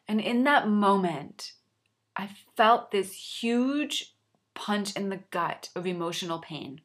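A woman's voice: medium pitch, animated, slow. A woman coach sharing a personal story in an earnest, reflective way, with a slight frog in her throat. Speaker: life coach.

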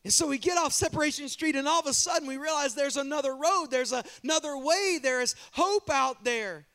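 High-voiced pastor preaching animatedly. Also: male voice, brisk. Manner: animated, repeats words, talks straight to the congregation. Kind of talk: sermon. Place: church.

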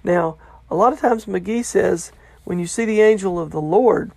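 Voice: medium pitch, normal speed, gravelly, warm tone, dry recording. A Bible study teacher talking casually through a passage, paraphrasing a commentator and checking in with the listener. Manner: loose and conversational, checks in with "okay?".

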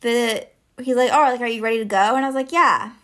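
A woman in her twenties co-hosts a podcast and tells a long personal story in casual chat, using "like" as filler constantly. Her voice is a little high and fairly bright, and she talks fast.

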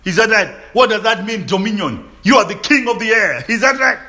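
A man preaching a sermon in call-and-response fashion, often asking his listeners to agree, with bursts of shouting and laughter. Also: high-pitched, lively intonation, fairly quick.

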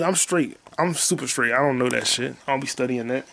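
A man hosting a podcast alone, telling crude, rambling stories and bursting into loud high yelps and sound effects. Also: animated, fast talker, creaky, few pauses. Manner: profane, rambling storytelling. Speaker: podcast host. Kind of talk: casual solo podcast monologue.

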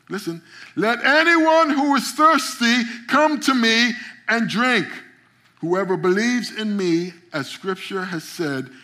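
Emphatic man preaching a sermon. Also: on the high side. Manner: preaching with rising, emphatic builds and call-outs to the congregation; frequent stammered repeats. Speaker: pastor.

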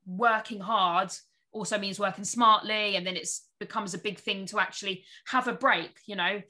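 A woman hosting a casual podcast interview, agreeable and quick to laugh, often saying absolutely. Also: mid-range voice, steady tone, sharp tone. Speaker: podcast host.

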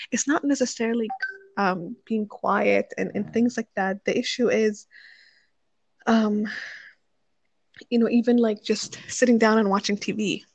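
A woman's voice: medium pitch, creaky, no echo. A young woman chatting casually, thinking aloud with many fillers and restarts as she gives marriage advice. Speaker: speaker sharing advice on marriage. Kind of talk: casual chat.

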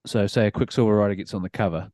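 A middle-aged man with a New Zealand accent, a podcast guest telling casual stories, swearing freely and animated. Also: lowish voice, racing, no room sound. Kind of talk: casual storytelling.

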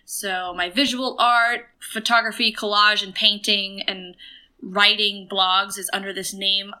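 A woman's voice: mid-range voice, flat delivery, pushed and bright. A young woman from Maine with a New England accent, chatting casually as a podcast guest. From Portland, Maine. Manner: chatty, laughing, quick asides. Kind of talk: casual chat.

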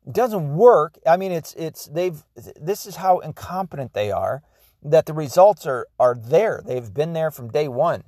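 A man's voice: a little high, expressive, unhurried, mellow, no echo, studio quality. A man hosting his own podcast, talking in a rambling, profane, ranting monologue. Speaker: podcast host. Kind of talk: casual solo monologue.

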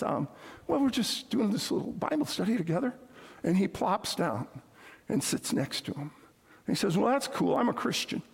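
A man's voice: sits high, creaky, breathy edge. A man preaching a sermon as pastor, telling stories and repeating his key points. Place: church sanctuary. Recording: echoey hall with long reverb.

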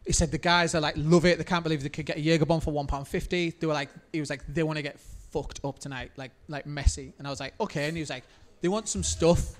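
A man's voice: a little high, steady tone, quick pace. A man co-hosting a casual podcast, telling a rambling anecdote. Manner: rambling, full of fillers and restarts. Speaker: podcast co-host, musician. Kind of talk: casual chat.

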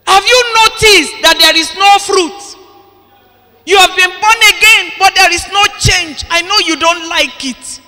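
A man preaching a sermon in an impassioned way, often breaking into shouts. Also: very high-pitched, unhurried. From Nigeria. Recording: long hall reverb.

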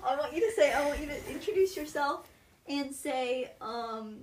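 A woman's voice: sits high, lively intonation, normal speed, roomy sound. A playful young woman co-hosting a casual podcast. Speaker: podcast co-host. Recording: distant mic with faint hiss.

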